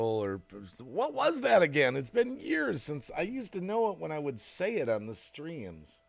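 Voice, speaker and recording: Chatty laughing man with lively pitch. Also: moderate pace, vocal fry, hardly any pauses. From United States. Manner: chatty, laughs often, rambling. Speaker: livestream host. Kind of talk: casual chat reading viewer comments.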